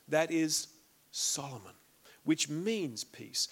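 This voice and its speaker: A man preaching to a congregation, his voice sitting a little high for a man. He reads scripture aloud and presses his points with rising emphasis. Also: lively intonation, unhurried. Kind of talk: sermon.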